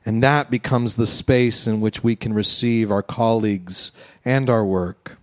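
A man's voice: fairly low pitch, fairly even intonation. Man preaching a conversational sermon. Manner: conversational, leads a slow guided breathing prayer. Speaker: pastor.

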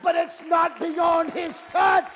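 High-voiced man preaching a fiery revival sermon. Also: flat delivery, slow pace, a faint crowd, slight background noise. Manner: swings between shouted climaxes and hushed intimate passages; punctuates phrases with "uh", repetitive rhythmic cadence. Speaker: guest preacher. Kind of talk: Pentecostal-style revival sermon.

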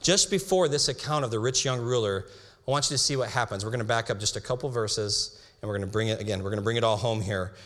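A young man preaching a sermon, reading scripture slowly with emphasis and breaking into casual asides. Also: lowish voice, fairly bright tone. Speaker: pastor. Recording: hall reverb.

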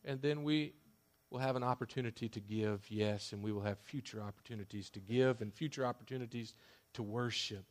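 A man preaching a sermon as a pastor, emphatic, with loud declarations that drop to hushed asides. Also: mid-range voice, fairly quick.

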